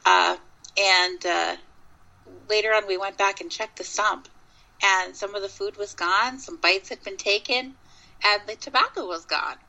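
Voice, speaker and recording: A woman's voice: medium pitch, unhurried, gravelly, bright, forceful tone, muffled recording. A woman from Minnesota, a Bigfoot researcher, telling long rambling stories in a casual interview. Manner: rambling, with many restarts and fillers.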